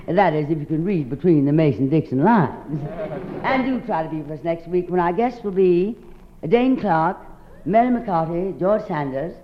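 A woman hosting a live radio variety show, with a theatrical drawl, calling everyone darling. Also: lowish voice. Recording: dull 1950s radio broadcast.

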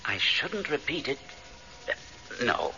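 A man's voice: medium pitch, big pitch swings, slow, sharp tone, exaggerated voice. An actor playing a sly, teasing male ghost in a radio drama, coaxing and drawing out his words. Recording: dull lo-fi radio recording.

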